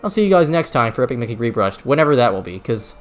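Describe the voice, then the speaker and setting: A man streaming a video game, chatting casually about what he sees on screen. He rambles and stumbles over his words, at an ordinary mid pitch. Faint game music plays underneath. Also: very animated, quick pace. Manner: rambling, with many restarts and stumbles. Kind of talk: casual gameplay commentary.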